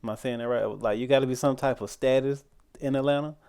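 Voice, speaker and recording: A man's voice: mid-range voice, fairly even intonation, fast, darkish tone, clean tone. A man hosting a reaction video, chatting casually with profane, laughing interjections.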